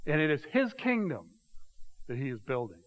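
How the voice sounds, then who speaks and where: A man's voice: a little high, sing-song, normal speed, low-quality recording. An older man, a pastor, preaching a conversational sermon and asking his listeners questions.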